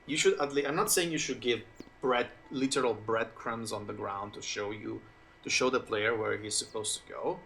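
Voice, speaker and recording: A man's voice: on the low side, moderate pace, gravelly, fairly bright tone, a little hiss or hum. A man whose first language is Italian, streaming a game and chatting casually in English in a rambling way. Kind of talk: casual gameplay commentary.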